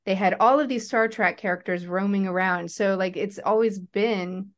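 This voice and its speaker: A woman's voice: mid-range voice, fairly even intonation, normal speed. A woman with a mid-range voice co-hosts a casual podcast. She speaks with feeling but hesitates often, searching for her words as she goes. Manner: emotional and hesitant. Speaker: podcast co-host. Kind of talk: casual chat.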